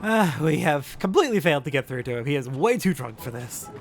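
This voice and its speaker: A man's voice: on the high side, very animated, a little fast. A man casually commenting on gameplay as a let's play host, with wry asides. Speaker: gaming video host.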